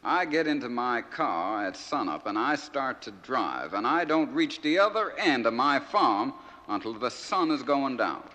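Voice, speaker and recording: A man's voice: mid-range voice, sing-song, pushed and bright. A man as a bragging prairie farmer. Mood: boastful. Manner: bragging, drawn-out. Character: boastful male farmer from the prairies. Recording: reverberant 1971 live LP.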